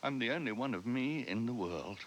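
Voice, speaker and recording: A man's voice: mid-range voice, animated, brisk, a bit bright, lightly acted. An actor with a British accent playing a lonely, theatrical male frog who croons old songs, from a noisy taped TV broadcast. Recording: noisy VHS tape of a TV broadcast.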